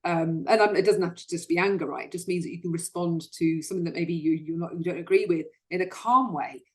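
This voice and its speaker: A woman's voice: fairly low pitch, fast talker, a little mellow. A woman hosting a solo self-help talk, speaking earnestly and often repeating words as she starts a sentence. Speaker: host.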